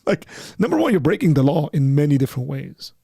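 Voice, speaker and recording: A man's voice: a little high, very animated, quick pace, vocal fry, warm tone, slightly rough, dry recording, studio quality. A man hosting a live call-in panel, talking conversationally and emphatically and telling a personal story. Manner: conversational and emphatic, rising sharply when heated; acts out both sides of remembered dialogue. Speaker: host of a call-in apologetics panel.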